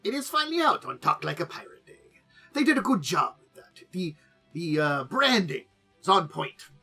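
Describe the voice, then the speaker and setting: A man chatting casually as host of a tabletop gaming show. His voice sits a little high and rings bright and forceful. He rambles loosely, with fillers and trailing asides, over faint music. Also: big pitch swings, normal speed, husky. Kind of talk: casual chat about tabletop games.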